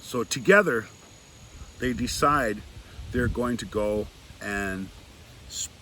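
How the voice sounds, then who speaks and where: A man telling a traditional story slowly, with long pauses, voicing the dialogue of its characters himself. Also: on the low side, a bit bright, a little hiss or hum, low-quality recording. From Seneca territory. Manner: slow, pausing, retells dialogue in quotes. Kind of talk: oral storytelling.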